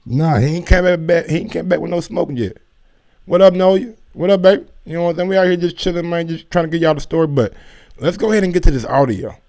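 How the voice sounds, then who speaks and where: A man riffing on sports beef for his audience in a loose, slangy way. He keeps circling back with fillers and restarts, and his voice sits a little high. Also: fast, creaky, mellow. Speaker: sports commentary host. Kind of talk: casual sports commentary.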